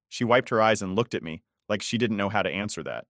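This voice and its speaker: Brief: man with a lowish voice, scripted story narration, restrained and cold, dry close mic. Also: a little fast, few pauses, fairly bright tone, no room sound. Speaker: first-person story narrator.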